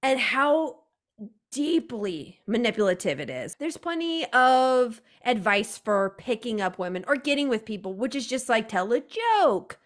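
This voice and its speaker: Blunt, sarcastic woman, slightly high voice. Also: big pitch swings, unhurried. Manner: blunt, sarcastic, swears freely. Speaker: podcast guest. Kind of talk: casual podcast chat.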